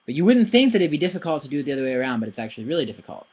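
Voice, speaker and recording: A man who speaks English natively, teaching Thai pronunciation in a casual video lesson, talking in an animated, chatty way and slowly spelling out syllables. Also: fairly high pitch, slightly rough. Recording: slightly dull lo-fi recording.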